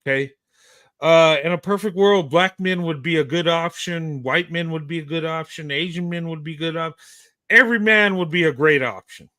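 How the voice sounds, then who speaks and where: High-voiced impassioned male host. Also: normal speed, pushed and bright. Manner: emphatic, stammering restarts, blunt, swears. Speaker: show host. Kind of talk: impassioned live-show commentary.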